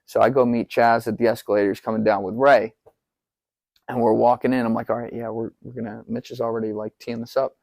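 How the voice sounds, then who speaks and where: Animated, swearing storytelling man. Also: a little fast, creaky, no echo. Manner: animated, profane, acts out quotes with rising pitch. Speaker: podcast guest. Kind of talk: casual storytelling.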